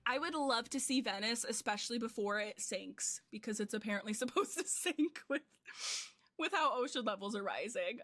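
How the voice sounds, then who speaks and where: A young woman streamer chats casually from home, her voice bright and clear over faint background music. She rambles and pokes fun at herself, with plenty of fillers. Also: a little high, lively intonation, moderate pace, dry recording. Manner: rambling, self-deprecating, lots of fillers. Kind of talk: casual chat with chat while gaming.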